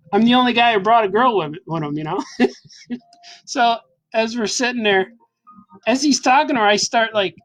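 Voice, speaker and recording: A man's voice: high-pitched, fairly bright tone, poor audio. Chatty cartoonist man telling a story. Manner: enthusiastic, rambling, laughs often. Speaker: cartoonist host. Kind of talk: casual storytelling while drawing. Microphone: camera mic.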